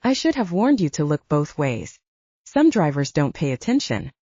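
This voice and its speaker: A woman's voice: low voice, moderate pace, husky, no room sound, muffled recording, heavily acted. Woman voicing an easygoing young barista guy. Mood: reassuring. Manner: relaxed, joking, protective.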